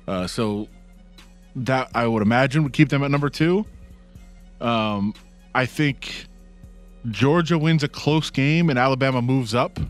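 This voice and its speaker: A man talking casually about sports as a guest, hesitant and relaxed with many fillers. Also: mid-range voice, measured pace, pauses often, soft background music.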